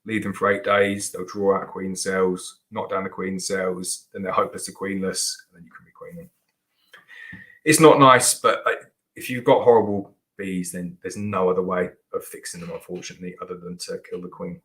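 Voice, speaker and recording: A man's voice: deep voice, flat delivery, moderate pace, fairly bright tone, rough recording. A man hosting a casual live question-and-answer show, chatty and rambling with lots of restarts and fillers. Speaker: beekeeper host answering viewer questions.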